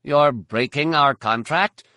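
A man doing a high, earnest insect alien. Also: takes it slowly, bright, forceful tone, no room sound. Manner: earnest, formal, oddly precise. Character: literal-minded male insectoid alien.

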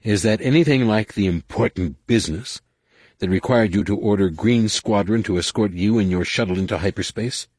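A man voicing a bitter, drunk, booming alien woman captain who taunts in a slurred, loud way. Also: moderate pace, slightly rough, no room sound, clean studio sound. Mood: bitter, taunting.

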